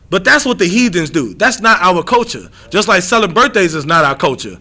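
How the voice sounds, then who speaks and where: A man teaching scripture in a loose, blunt, slangy way. His voice sits high and sounds bright and sharp. He drags out repeated lines for emphasis and keeps restarting his thoughts. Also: very animated, fairly quick. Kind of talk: street-style scripture lesson.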